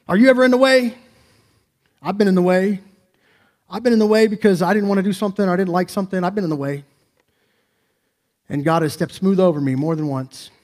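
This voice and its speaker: A man, preaching to his congregation in an emphatic, conversational way. His voice sits a little high, and he keeps throwing rhetorical questions back at the listeners. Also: darkish tone. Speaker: pastor. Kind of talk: sermon.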